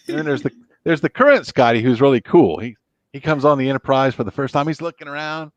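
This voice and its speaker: A man's voice: mid-range voice, lively intonation, fast talker, dry recording, muffled recording. Playful rambling male host. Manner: rambling, playful, does impressions. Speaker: livestream host. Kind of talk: casual chat. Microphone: lapel mic.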